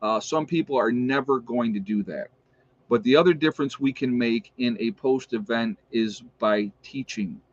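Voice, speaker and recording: A man hosting a casual livestream, chatting and reading out viewer shout-outs with opinionated asides. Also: mid-range voice, no echo. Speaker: livestream host. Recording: dull lo-fi stream audio.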